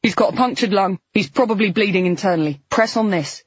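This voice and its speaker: A woman's voice: mid-range voice, brisk, breathy edge, dry recording, dull audio, close to an everyday voice. A woman voicing a frantic young woman who gives urgent medical orders and swears under pressure.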